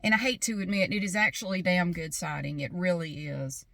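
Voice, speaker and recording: A woman's voice: on the low side, fairly even intonation, a little fast, gravelly, bright, forceful tone, no room sound. A woman vlogging in a casual, candid way, swearing freely and acting out both sides of conversations as she tells a story. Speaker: vlogger and paralegal.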